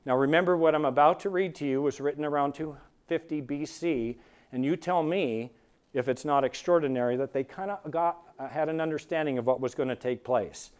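A man's voice: on the high side, a little fast, darkish tone, clean tone. A man preaching a sermon, with emphatic delivery that swells and drops for dramatic effect. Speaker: pastor.

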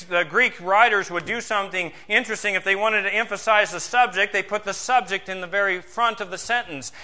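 A pastor preaches a sermon, posing rhetorical questions and alternating between loud emphasis and quiet, low passages.

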